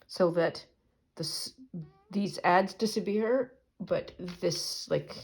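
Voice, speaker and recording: Lowish husky woman murmuring thru her collage work, soft asides, gets chattier telling stories. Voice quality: soft, murmuring, often trailing into quiet asides. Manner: chatty and unhurried, livens up when telling a story. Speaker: collage artist and channel host. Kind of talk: relaxed craft vlog, thinking aloud while working.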